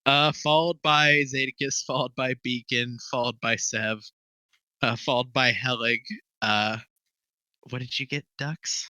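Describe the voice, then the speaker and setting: A young man runs a tabletop game, his voice strikingly bright and close on a dry mic. He laughs between lines and swears freely as he narrates. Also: medium pitch, fairly even intonation, unhurried, clear, resonant tone, no room sound. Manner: laughing often, loose and profane. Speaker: game master.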